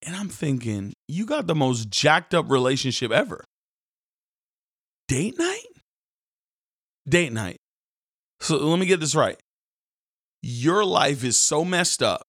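A man, a pastor hosting a daily devotional, preaching casually with sudden jumps into loud mocking voices. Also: fairly high pitch, expressive, moderate pace, no echo, studio quality. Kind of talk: energetic devotional sermon.

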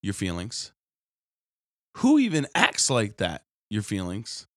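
A low-pitched man delivers a sermon like a radio message, shifting between earnest teaching and animated stories. He imitates complaining people in a high, whiny voice. The recording is close and dry, with no room sound. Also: slow pace, dry recording. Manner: animated storytelling, mimics others in a high whiny voice. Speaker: preacher.

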